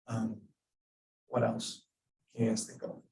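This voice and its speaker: A young man talks loosely with his club, full of fillers and acted-out example lines. His voice has a gravelly edge. He sounds distant in an echoey room with faint background noise. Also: lowish voice, monotone, measured pace, a little mellow. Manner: rambling, filler-heavy, acts out example dialogue. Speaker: club discussion leader. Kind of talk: casual group discussion. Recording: echoey room, mic far off.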